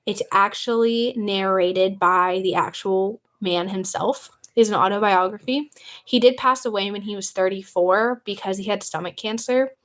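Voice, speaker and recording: A young woman from the United States talks on her phone livestream in a casual, eager way. She rambles a little and answers viewers' questions as she goes. Her voice sits at a middle pitch. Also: moderate pace, a bit bright. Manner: chatty, eager, reads out chat questions. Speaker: livestream host.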